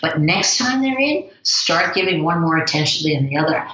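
An older woman with a New Jersey accent talks with a bright, forceful edge and a somewhat low voice. She is emphatic and animated, and her pitch jumps up high. The sound is roomy and a bit dull, like a remote call. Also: moderate pace. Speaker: guest. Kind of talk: podcast interview, casual chat.

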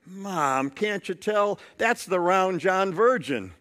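A man voicing an excited little girl in a sermon story, raising his voice for her. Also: high voice, measured pace. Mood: excited, impatient.

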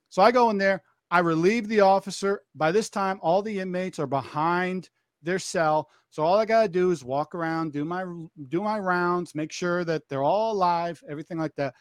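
A woman, a former corrections officer, telling her testimony as a podcast guest in an animated way, acting out the voices she quotes. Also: lowish voice, dry recording, studio quality. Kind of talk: testimony storytelling.

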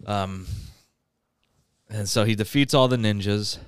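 A man on a podcast slowly retells a movie plot in casual chat, breaking into laughter and acting out the characters' lines. His voice is smooth and clear, recorded dry and close. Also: fairly low pitch, no room sound. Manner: laughs often while recounting, acts out quoted lines. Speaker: podcast host.

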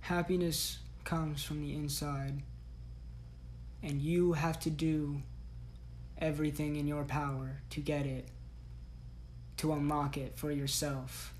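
A woman's voice: deep voice, little pitch movement, takes it slowly, long pauses, a little mellow, slight background noise. A woman hosting a solo podcast, giving blunt, profane, slang-heavy tough-love talk. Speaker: podcast host.

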